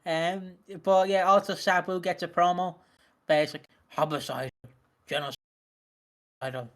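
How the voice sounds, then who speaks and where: A man's voice: high voice, flat delivery, normal speed, clean tone. A man co-hosting a casual podcast chat, telling stories with lots of laughter and swearing. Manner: laughing, profane storyteller. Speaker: podcast co-host. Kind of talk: casual chat reviewing wrestling.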